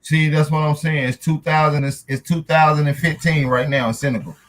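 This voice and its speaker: A man's voice: a little high, fairly even intonation, a little fast, fairly bright tone. Brash trash-talking male livestream host. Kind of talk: casual profane livestream banter.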